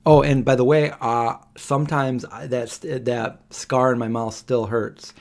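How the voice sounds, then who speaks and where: A man in his forties, hosting a live Q&A stream, tells a story casually and in a rambling way, full of fillers and restarts. His voice is medium in pitch, with a steady tone and an unhurried pace.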